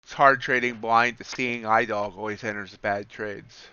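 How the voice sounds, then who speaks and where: A man's voice: on the low side, fairly even intonation, moderate pace, sharp tone, clear, resonant tone, no echo, lo-fi sound. A man giving live commentary on his trades, counting off prices and greeting viewers in chat. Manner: calls out prices and chats with viewers. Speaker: livestream futures trader.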